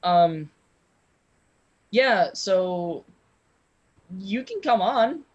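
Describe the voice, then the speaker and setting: A brisk ship captain who rattles off plans with an upbeat push, as a man voices him. His pitch sits a touch higher than the narrator's own. He sounds like a character in a tabletop game. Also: very animated, dull audio, full character voice. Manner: quick, upbeat.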